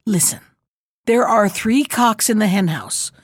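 A woman voicing a furious, cruel old witch who shouts threats in a storybook reading. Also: mid-range voice, unhurried, no room sound, clean studio sound, natural voice. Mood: menacing. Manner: shouting threats, gnashing menace.

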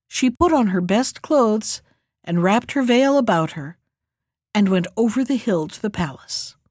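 A woman librarian reading a folktale aloud in an expressive, lively storytelling manner on a close mic. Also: fairly high pitch, dry recording.

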